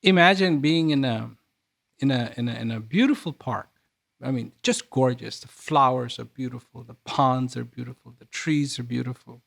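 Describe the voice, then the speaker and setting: Gravelly-voiced man telling gentle stories. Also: medium pitch, moderate pace. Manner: gentle, repeats words, frequent restarts. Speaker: author and speaker. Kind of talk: reflective storytelling interview answers.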